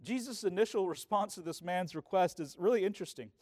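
A pastor with a high, brisk, somewhat dark voice preaches a sermon in a conversational style. He keeps checking in with the congregation, frequently asking "right?"

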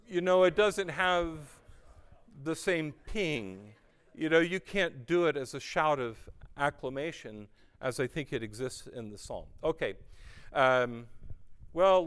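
A man leading a group class on chanting psalms, talking them through the lines in a relaxed, encouraging way. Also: fairly high pitch, clean tone. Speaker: music leader teaching psalm singing. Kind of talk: teaching a group to chant psalms, speaking and singing. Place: room with a group of singers.

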